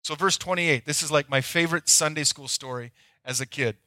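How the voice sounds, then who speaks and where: A male pastor preaching a sermon, moving between loud acted pleas and near-whispers. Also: a little high, brisk, no echo, clean studio sound.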